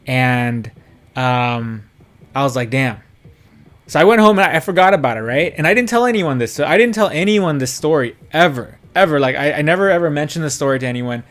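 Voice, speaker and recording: A young man telling a story in a casual, rambling way while he streams a driving game, full of fillers and quoted dialogue. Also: fairly high pitch. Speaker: gaming streamer.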